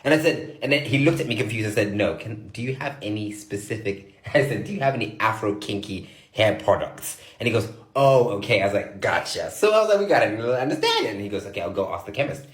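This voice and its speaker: Male storyteller, lively, plays every part of the exchange, lowish voice, echoey room. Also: fast, few pauses. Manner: animated, acts out both sides of a dialogue. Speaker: TikTok creator. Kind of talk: storytelling to camera.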